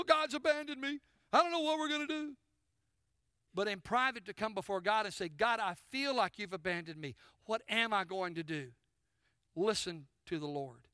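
A man preaching a sermon as pastor, his voice pitched very high with a bright, forceful edge. He keeps putting questions to the congregation and speaking to them directly. The sound is dry and close. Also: no room sound.

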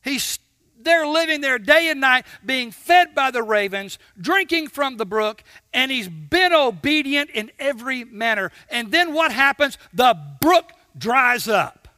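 Preacher guy, bright tense voice, slow deliberate delivery, dry close sound, acts out talks with god. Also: very high-pitched, lively intonation, no echo. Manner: dramatic, swings between shouting and hushed tones; acts out little dialogues with God. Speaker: pastor. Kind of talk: sermon.

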